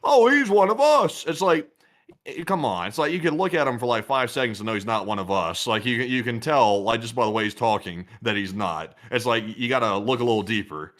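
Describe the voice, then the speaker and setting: A man's voice: lowish voice, a bit bright. A young man co-hosting a live stream, giving casual political commentary in a rambling way with many restarts. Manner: quick and rambling, many restarts and "it's like" asides.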